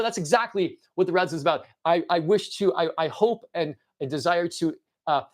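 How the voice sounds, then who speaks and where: Brief: male streamer, playful toy-battle commentary, lively pitch, lots of restarts. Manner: excitable, rambling, with frequent restarts and shouting cheers. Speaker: livestream host.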